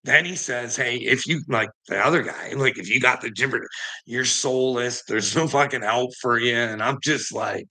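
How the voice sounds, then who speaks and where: A man's voice: mid-range voice, moderate pace, bright, forceful tone, low-quality recording. A man ranting bluntly and indignantly in a casual monologue, swearing heavily as he talks to his viewers. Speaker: vlogger.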